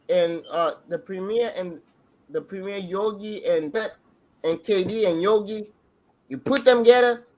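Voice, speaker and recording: A man on a podcast excitedly rambling through a show recap, restarting sentences as he goes. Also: high-pitched, low-quality recording. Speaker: podcast co-host. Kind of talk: casual reaction chat.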